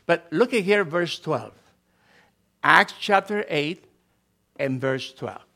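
Animated preacher man with a bright, high voice. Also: slow, gravelly, pauses often. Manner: animated preaching with emphatic rises and soft asides, non-native grammar. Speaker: pastor. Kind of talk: sermon.

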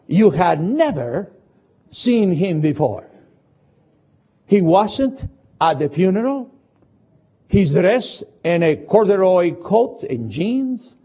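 A man delivers a sermon in a high, lively voice that rises and falls through a dramatic retelling, his tone dark and husky. He speaks English natively, moving slowly and swinging abruptly between loud and hushed passages. The recording is dull and lo-fi.

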